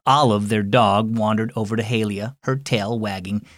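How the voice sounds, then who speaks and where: A man hosting and narrating a children's story program in a friendly, expressive storytelling manner. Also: on the low side, normal speed, no echo, studio quality. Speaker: host and narrator.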